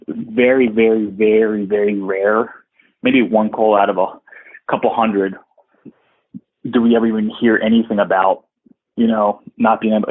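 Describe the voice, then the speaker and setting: Casting: candid male interview guest, lowish voice, phone-quality sound, rambles and restarts. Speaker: podcast guest, outsourcing business owner. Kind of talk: casual interview talk. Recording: tinny phone-like line.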